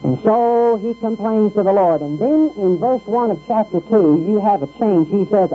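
A man preaching a radio sermon in a conversational way, with hesitant restarts and lively quoted voices. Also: high-pitched, normal speed, slightly rough. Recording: tinny phone-like radio broadcast with faint music.

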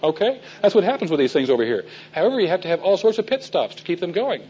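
A man's voice: high voice, very animated, quick pace, dull audio, a crowd in the background. A man teaching a men's Bible class in a folksy storytelling way, asking his listeners questions.

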